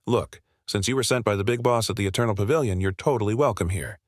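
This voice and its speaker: Man voicing a deadpan elderly villager, low register. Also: fast, no room sound, studio quality, lightly acted. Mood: weary. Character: weary old village grandfather.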